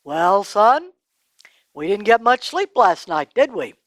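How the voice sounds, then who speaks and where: A woman voicing a weary, grumpy old male high priest who scolds and grumbles in a storytelling reading. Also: sing-song, slow, dry recording. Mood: probing. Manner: exasperated, scolding.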